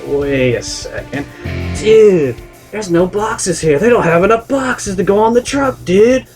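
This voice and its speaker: A man's voice: high voice, lively intonation, measured pace, darkish tone, slightly rough, soft background music, voice pushed up, heavily acted. A man doing a dazed drawling warehouse dude. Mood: bewildered. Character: dazed male warehouse loader, slacker type.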